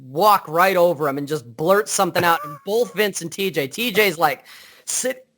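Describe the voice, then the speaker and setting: Over a Skype call, a male podcast guest chats in a casual interview, blunt and unfiltered, rambling and restarting his sentences. His voice is somewhat high for a man, fairly bright, at a moderate pace.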